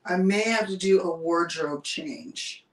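A chatty woman hosts a laid-back livestream, greeting viewers and reading out their comments with frequent laughter. Her voice sits at a middle pitch. It is heard in a roomy, echoing space, some distance from the mic. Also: measured pace. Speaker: livestream host. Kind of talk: casual livestream chat.

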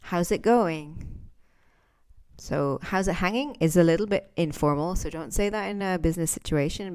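Woman, english teacher, lowish voice, chatty, acts out example phrases. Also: darkish tone. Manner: chatty, demonstrates phrases with varied intonation. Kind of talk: podcast language lesson.

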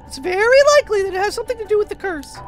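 Bubbly teen schoolgirl, high and chirpy, game dialogue. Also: rapid-fire, soft background music. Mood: eager. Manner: eager, chirpy reading.

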